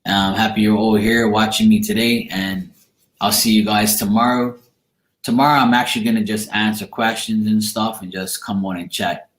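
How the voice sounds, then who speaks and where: A man's voice: on the low side, fairly even intonation, moderate pace, fairly bright tone. A man, a tarot card reader, chatting casually with viewers on a live stream at the end of a tiring day, blunt and joking and swearing freely. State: tired at end of long day. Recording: roomy echo.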